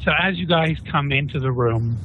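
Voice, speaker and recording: A man's voice: a little high, normal speed, a little hiss or hum. Game master man on a tinny call. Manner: relaxed, chatty, asks players what they do. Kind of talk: narrating a tabletop game. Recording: tinny phone-like online call.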